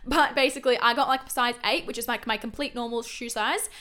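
A young woman, in her early twenties, talks through a solo podcast episode. Her voice sits a little high, and she rattles along quickly, full of fillers and quick self-corrections. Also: steady tone, pushed and bright. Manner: chatty and fast, with frequent self-corrections and fillers. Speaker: podcast host. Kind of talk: casual solo podcast monologue.

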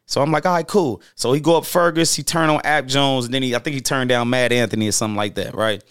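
A man telling stories from his past in a casual, slang-heavy way, animated and jumping into the voices of the people in them. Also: mid-range voice, quick pace, smooth, dry recording, clean studio sound. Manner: animated, acts out quoted voices, loose slang-heavy talk with restarts. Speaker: storyteller host. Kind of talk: casual street storytelling.

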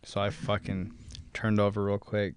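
A man's voice: on the low side, monotone, moderate pace, smooth, no room sound. A man telling a profane, laugh-filled story in a casual chat.

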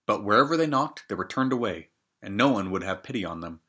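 Man reading a fairy tale, bright tone, slightly low, keeps cracking jokes about it. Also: expressive, quick pace, breathy edge. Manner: joking, commenting on the story. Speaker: storybook reader.

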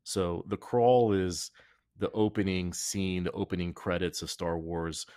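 In a relaxed podcast chat, a man with a deep, darkish voice talks a little slowly and steadily, meandering through jokes and abandoning sentences to begin again. His sound is intimate and dry, free of any room ambience.

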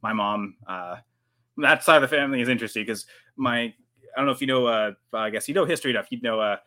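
A man's voice: medium pitch, fast, sharp tone. A Canadian man hosting a casual livestream podcast, who rambles with restarts and fillers. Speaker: podcast host.

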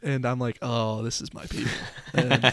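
A man's voice: medium pitch, pushed and bright, no room sound. A young man co-hosting a podcast, telling playful stories and laughing through them. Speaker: podcast co-host. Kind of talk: casual storytelling chat.

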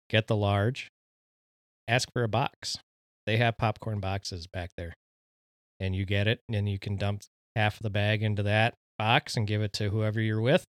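A man's voice: on the low side, a bit bright, clear, resonant tone, no echo, clean studio sound. A man from Minnesota co-hosting a podcast, chatting casually about movies and laughing often. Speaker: podcast co-host. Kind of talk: casual chat.

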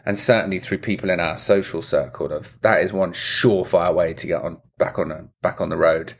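A man's voice: low voice, steady tone, a little fast, creaky. A man hosting a casual podcast chat, rambling, swearing now and then and murmuring agreement. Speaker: podcast host.

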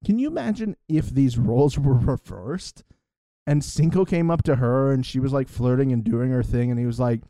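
A man's voice: moderate pace, dry recording. A man co-hosting a casual reality show recap podcast, acting out other people's lines in mock voices. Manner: animated, swings pitch for mock quotes. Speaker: podcast co-host.

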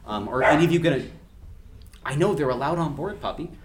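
A man's voice: fairly high pitch, lively intonation, fairly quick, heavy background noise. A man narrating as game master for a tabletop game, rambling with lots of fillers and laughing along with his players.

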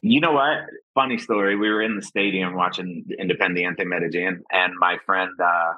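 A man's voice: low-pitched, steady tone, normal speed, no room sound. A man from Ohio, a podcast guest, chatting casually with lots of fillers and a self-deprecating manner. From Ohio, USA. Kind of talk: casual interview talk. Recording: dull, slightly muffled sound.

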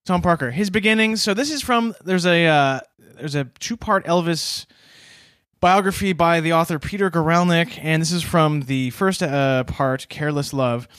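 Casting: male podcast host, slightly high voice, chatty and laughing as he goes, dry close sound. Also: normal speed, fairly bright tone, clear, resonant tone, dry recording. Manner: chatty, laughs between points, loose with fillers. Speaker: podcast co-host presenting research. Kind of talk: casual storytelling podcast chat.

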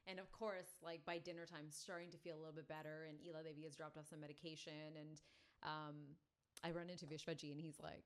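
A woman guest on a podcast, telling a personal story in an animated, casual way. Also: deep voice, brisk. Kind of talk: casual conversation.

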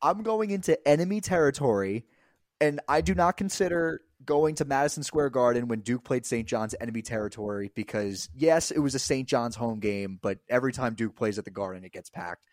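A man's voice: mid-range voice, animated, fairly quick, no room sound, studio quality. A young man co-hosting a casual sports podcast, rambling with lots of filler words. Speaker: podcast co-host.

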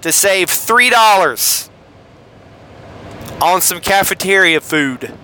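A man's voice: high-pitched, animated, slow, pushed and bright, slight background noise. A man hosting a solo podcast from a car, talking in a rambling, jokey way full of asides. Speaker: podcast host.

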